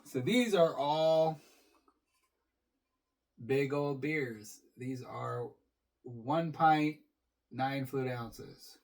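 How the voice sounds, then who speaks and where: A man's voice: mid-range voice, very slow, gravelly, long pauses, low-quality recording. A man talking casually through an unboxing for his channel, rambling and swearing freely as he goes. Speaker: beer reviewer.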